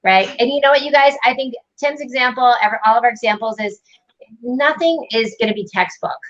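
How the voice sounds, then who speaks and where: A woman hosting a casual video-call livestream from her home office, bubbly and affectionate with quick asides. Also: fairly high pitch, fairly bright tone, dull audio. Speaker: host.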